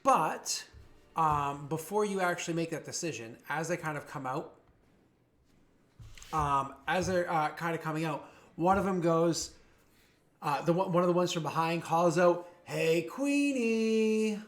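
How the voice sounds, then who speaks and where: Male game master, slightly higher voice, rambling casual narration, drops into raised jeering voices for thugs. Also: normal speed, fairly bright tone. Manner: rambling, many fillers and restarts.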